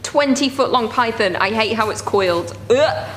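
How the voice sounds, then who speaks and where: A woman's voice: on the high side, animated, moderate pace, a bit bright, a little hiss or hum. A woman hosting a reaction video, chatting casually and groaning in disgust as she rambles. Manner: squeamish, exclaiming, rambling.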